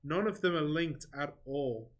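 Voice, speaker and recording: A man's voice: fairly high pitch, lively intonation, measured pace. A man hosting a game livestream, chatting casually and answering viewers between comments on the game. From England.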